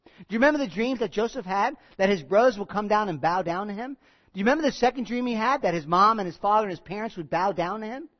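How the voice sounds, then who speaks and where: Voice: medium pitch, fast, lo-fi sound. A pastor preaching a sermon and teaching through a Bible passage in a conversational way, repeating key phrases and asking the congregation questions. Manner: animated, asks the congregation questions.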